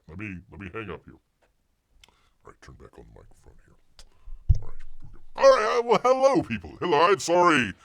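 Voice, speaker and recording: Guy hosting a live stream, pitch swings all over the place, keeps calling himself by name, lots of stop-start restarts. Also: a bit bright. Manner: refers to himself in the third person, halting with many restarts. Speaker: live show host. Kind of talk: casual live-stream chat.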